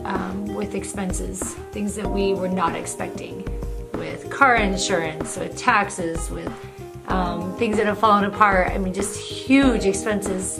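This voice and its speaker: A woman, the host's mother, giving an earnest, heartfelt casual faith testimony to the camera. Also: medium pitch. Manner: earnest, heartfelt, drops soft when quoting inner comfort. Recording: music playing clearly behind.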